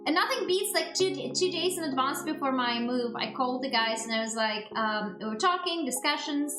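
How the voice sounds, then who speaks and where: High-voiced woman ranting on stream. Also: expressive, brisk. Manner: ranting, swearing, exasperated. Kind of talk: casual stream chat. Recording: roomy echo with background music. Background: background music.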